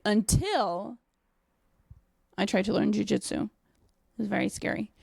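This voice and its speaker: Animated young woman telling a story. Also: mid-range voice, measured pace, gravelly, breathy edge, dry recording, clean studio sound. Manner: animated, swears a lot, many fillers. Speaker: dog trainer and company owner. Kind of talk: casual storytelling.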